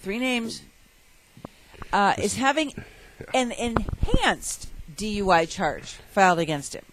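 A woman's voice: medium pitch, sing-song, takes it slowly, noisy background. A woman co-hosting a casual talk show, reading news stories in a wry, matter-of-fact way. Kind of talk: casual podcast chat.

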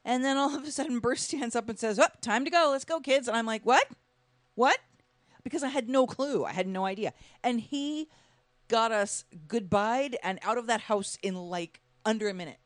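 A woman's voice: fairly high pitch, normal speed, dry recording. A woman sharing a personal story in a casual conversation, laughing often as she talks.

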